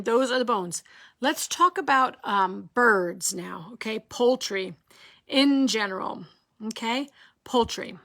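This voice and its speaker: A woman teaching a live online cooking lesson in an animated way. She asks rhetorical questions, keeps checking in with her audience and jokes with them. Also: on the high side, measured pace, creaky.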